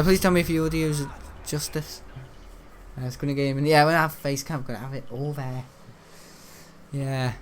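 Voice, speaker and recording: A seventeen-year-old boy, rambling and grumbling through casual gameplay commentary. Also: a little high. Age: teens. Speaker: gaming channel host.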